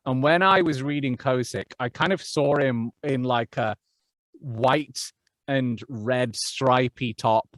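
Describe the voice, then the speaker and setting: A man's voice: medium pitch, slow pace, fairly bright tone, dry recording. A man who narrates audiobooks, chatting casually as an interview guest, with lots of fillers and restarts. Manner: chatty, self-deprecating, many fillers and restarts.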